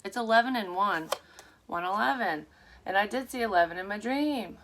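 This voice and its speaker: A woman's voice: mid-range voice, lively intonation, normal speed, a bit bright, a little hiss or hum. A woman giving a casual, rambling psychic card reading to her viewers. She talks frankly and swears freely. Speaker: psychic tarot reader. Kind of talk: casual tarot reading to camera.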